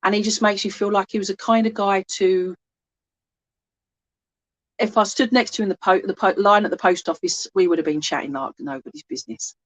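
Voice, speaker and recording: A woman serving as a spiritualist medium, giving a gentle, reassuring reading online from home and relaying messages with many asides. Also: mid-range voice, brisk. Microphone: laptop microphone.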